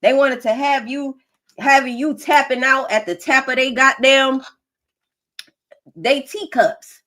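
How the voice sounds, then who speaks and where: Woman, high voice, emphatic tarot reader, laughs a lot. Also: unhurried, bright, forceful tone. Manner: emphatic, preachy, laughs often. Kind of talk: collective tarot reading.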